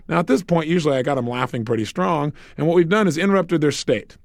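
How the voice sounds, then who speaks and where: A man giving a recorded self-help lecture, energetic and acting out little dialogues. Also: fairly high pitch, fast, creaky, hardly any pauses, dry recording, studio quality. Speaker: motivational speaker.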